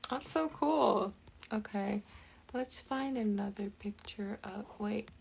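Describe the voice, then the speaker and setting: A woman tarot reader chatting casually on a live stream, rambling and thinking aloud with soft whispered asides. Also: medium pitch, slow, creaky, slightly rough. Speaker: tarot reader and jewelry maker.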